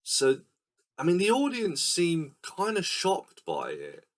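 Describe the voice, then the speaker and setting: A man's voice: fairly high pitch, wildly swooping pitch, slow. A man co-hosting a casual film podcast, explaining scenes and acting them out in silly voices. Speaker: podcast co-host. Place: recording room.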